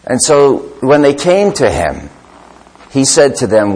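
Preacher, male, fairly high voice with a lively, swinging delivery; tells stories and reads scripture. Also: normal speed, rough recording. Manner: animated storytelling, voices the disciples and Jesus. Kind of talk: sermon.

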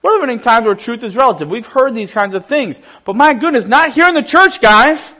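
High-voiced man preaching a sermon. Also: lively intonation, brisk, bright, forceful tone. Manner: conversational, emphatic, laughs often. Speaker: pastor.

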